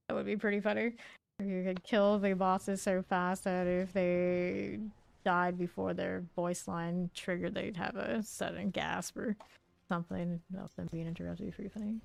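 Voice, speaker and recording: A woman's voice: fairly low pitch, steady tone, a little slow, gravelly. A woman streaming a game live, chatting casually and narrating her moves with small laughs. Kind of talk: casual live gameplay commentary.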